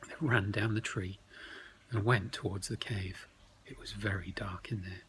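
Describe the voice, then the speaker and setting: A man telling a bedtime story, slow and expressive, often dropping to hushed tones. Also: fairly low pitch, slight background noise, rough recording.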